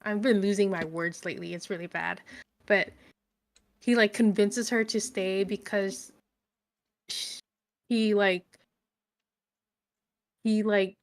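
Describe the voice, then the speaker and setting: Young woman rambling about a book she read, mid pitch, lots of likes and ums. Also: takes it slowly, pauses often. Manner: chatty, lots of fillers, animated retelling. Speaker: book reviewer. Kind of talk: casual chat.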